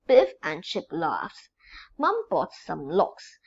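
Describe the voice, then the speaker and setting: A woman reading a children's storybook aloud in a slow, expressive way. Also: fairly low pitch, gravelly, husky, highs cut off. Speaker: storybook reader.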